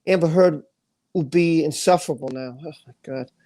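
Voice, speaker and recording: A man on his livestream vents angrily and emotionally, reading viewers' chat comments aloud and repeating phrases. He speaks at a normal speed in a slightly high voice with a dark tone.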